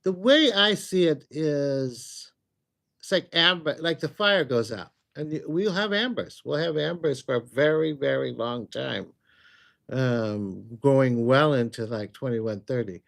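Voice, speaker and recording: A man's voice: mid-range voice, animated, a little slow, gravelly, fairly bright tone. A man hosting a casual livestream, answering viewer questions in a chatty, rambling way. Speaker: psychic livestream host.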